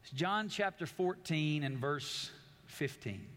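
His voice sits on the high side, a bit bright, with lively intonation and a slow pace. As pastor he preaches emphatically, repeating and restarting lines while addressing questions straight to the congregation.

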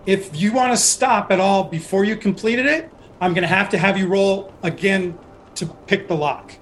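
A man's voice: sits high, normal speed, slight background noise. A man running a tabletop game as game master, narrating scenes and explaining the rules.

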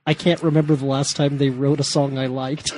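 A man's voice: mid-range voice, little pitch movement, brisk, darkish tone, poor audio. A man in a casual podcast chat, airing grumbling, opinionated critiques.

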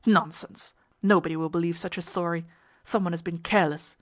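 A woman's voice: on the low side, steady tone, brisk, no echo, close to an everyday voice. Woman doing a bossy stern sea captain, snaps orders, dry sound. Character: stern, commanding male ship's captain.

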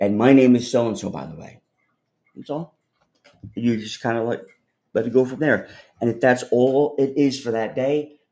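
His gravelly, fairly low voice has a slightly mellow quality. He's a man running a livestream, bantering with viewers in a meandering, foul-mouthed style and often breaking into laughter.

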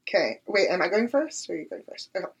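A young woman co-hosting a podcast in casual chat, gushing and laughing often, with a husky voice. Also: fairly low pitch, very animated, fast, muffled recording, a little hiss or hum. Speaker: podcast co-host.

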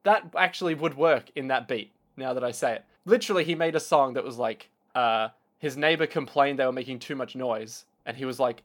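A young man co-hosting a podcast in casual chat, animated and jokey, going off on tangents and slipping into quick impressions. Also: mid-range voice. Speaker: podcast co-host.

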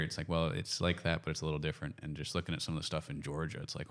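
A Canadian man hosting a podcast, chatting casually and rambling with frequent self-corrections and quick laughs. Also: extremely low pitch, flat delivery, a bit bright. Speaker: podcast host. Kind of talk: casual chat.

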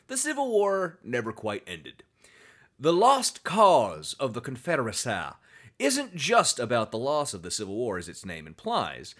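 Animated sarcastic male podcast host. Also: medium pitch, a little slow. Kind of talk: casual podcast chat.

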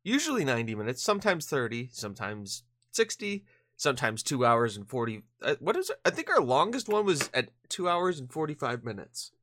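Lively tired man co-hosting a podcast. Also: mid-range voice, a little fast. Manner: animated, laughs often, restarts mid-sentence. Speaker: podcast co-host. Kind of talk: casual podcast banter.

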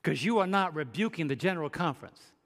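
A woman's voice: sits low, animated, quick pace, big-room sound. A man voicing an indignant old churchwoman caller. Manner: indignant, stubborn. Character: angry 77-year-old woman church caller.

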